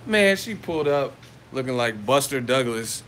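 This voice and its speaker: A man's voice: medium pitch, expressive, normal speed, a bit bright, slight background noise. Profane joking man on a live vlog. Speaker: boxing YouTuber host. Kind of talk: live-chat vlog storytelling. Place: hotel room.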